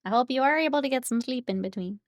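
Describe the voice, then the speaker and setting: A woman's voice: high voice, quick pace, dry recording, clean studio sound. A woman streaming while she paints miniatures, chatting playfully with viewers and laughing often. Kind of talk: casual chat with live chat while painting.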